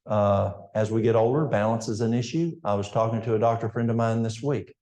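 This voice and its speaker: Man, older, Appalachian accent, folksy health educator, warm tone, echoey church. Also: fairly low pitch, fairly even intonation, fairly quick. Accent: East Tennessee Appalachian. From East Tennessee. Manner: folksy, storytelling, addresses the audience directly. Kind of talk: health seminar talk in church.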